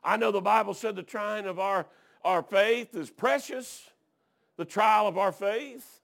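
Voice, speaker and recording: A man preaching a folksy sermon, telling stories and dropping frequent amens, swinging from hushed to shouting. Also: high-pitched, a little slow, vocal fry.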